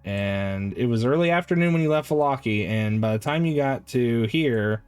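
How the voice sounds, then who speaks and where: A man's voice: medium pitch, lively intonation, normal speed, darkish tone, clean tone, faint music behind. A man running a tabletop horror game as dungeon master, explaining the scene and repeating words as he goes.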